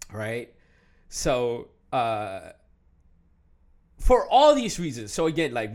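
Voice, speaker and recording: A young man talking casually to the camera, animated, with many fillers, restarts and laughs. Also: medium pitch. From Ethiopian heritage, raised in the West.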